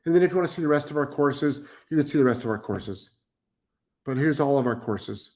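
A man's voice: mid-range voice, lively intonation, fairly quick, a little mellow. A middle-aged man hosting a live stream as a dog trainer, blunt and profane, repeating himself for emphasis as he reads chat comments.

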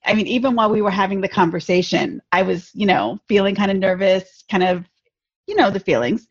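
Reflective husky woman guest, forties, dull lo-fi remote sound. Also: medium pitch, animated. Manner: measured, reflective. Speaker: podcast guest. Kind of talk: casual podcast conversation.

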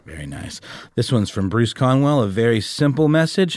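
A man's voice: mid-range voice, very animated, normal speed, darkish tone, dry recording, clean studio sound. A man co-hosting a podcast, reading listener messages in a playful, jokey casual chat. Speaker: podcast co-host.

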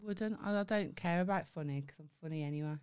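A woman's voice: lowish voice, a little mellow, clear, resonant tone. A young woman with a Birmingham accent, co-hosting a podcast in brash, sweary casual chat. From England. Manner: brash, sweary, quick to laugh. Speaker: podcast co-host.

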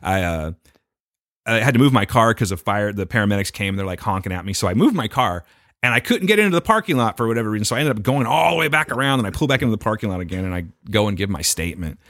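A man's voice: on the low side, quick pace, no room sound, studio quality. A man casually telling a story on a podcast, cursing freely and acting out the people in it. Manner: profane, animated retelling with put-on quotes. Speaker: podcast co-host.

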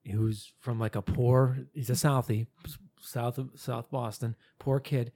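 A man with a dark, mellow tone and a husky edge, talking bluntly and swearing freely. It is an easygoing podcast chat among co-hosts. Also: mid-range voice, fairly even intonation, unhurried. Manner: blunt and profane. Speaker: podcast co-host. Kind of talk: casual chat.

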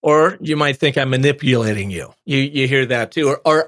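A man, an author guest on an interview, telling a long anecdote in a lively conversational way. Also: medium pitch, fairly quick, no room sound, clean studio sound. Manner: animated anecdotal storyteller. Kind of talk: conversational storytelling.

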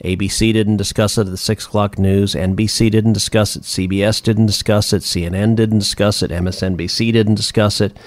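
A male senator delivers political commentary on his podcast. His voice sits on the low side and sounds dry and close, with no room around it. He talks with emphatic indignation and hammers points home through repetition. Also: flat delivery, brisk, few pauses, no echo. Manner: emphatic, indignant, repeats phrases for force.

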